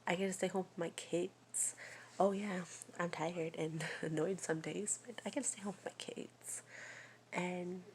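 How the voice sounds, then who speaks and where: A young woman speaks in a soft, often whispered personal vlog, rambling and confiding with plenty of fillers. Her voice sits low with a gravelly fry and stays fairly flat. A faint hiss of background noise runs under the recording. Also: measured pace. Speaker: vlogger.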